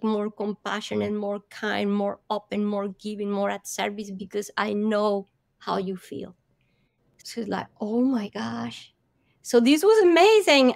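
A woman guest in an interview, telling a personal story in an animated, earnest way and linking her thoughts with "and then". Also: a little high, no room sound, studio quality. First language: Spanish.

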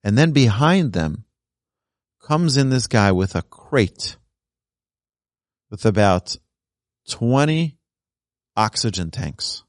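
Slowly and with frequent pauses, a low-voiced man teaches a religious class as a rabbi, telling stories and performing the voices of the characters. It's a storytelling Torah lesson in clean studio sound without echo.

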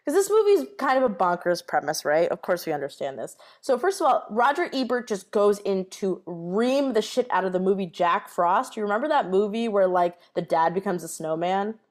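Woman co-host, casual movie-podcast chat, swings her pitch widely, chatty and profane. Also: moderate pace, few pauses. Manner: animated, full of fillers and swearing.

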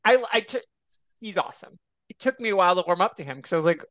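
A man's voice: high voice, expressive, quick pace, fairly bright tone, no echo. A man guesting on a podcast, chatting casually and expressively and swearing freely. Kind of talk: casual chat.

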